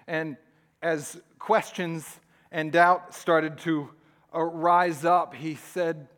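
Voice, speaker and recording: A man preaching a sermon as pastor, animated when telling stories and dropping to soft, hushed asides. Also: fairly high pitch, extremely slow.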